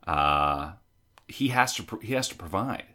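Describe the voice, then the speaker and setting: A man's voice: deep voice, animated, unhurried, bright, forceful tone. An American man hosting a podcast, chatting casually and giving opinions at length. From United States. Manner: opinionated, expansive, teasing. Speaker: podcast host.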